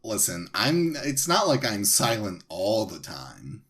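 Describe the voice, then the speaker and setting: A man's voice: on the low side, wildly swooping pitch, takes it slowly, a bit bright, husky. A man co-hosting a podcast in casual chat, hesitant and dry, unimpressed by puns. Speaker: podcast co-host.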